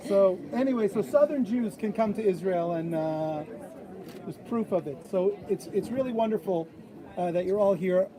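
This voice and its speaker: High-voiced man preaching outdoors. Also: takes it slowly, pauses often. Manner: animated storyteller who acts out quoted voices. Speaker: officiant at a bat mitzvah. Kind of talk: sermon with storytelling. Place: outdoors at an old stone wall. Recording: outdoor crowd noise.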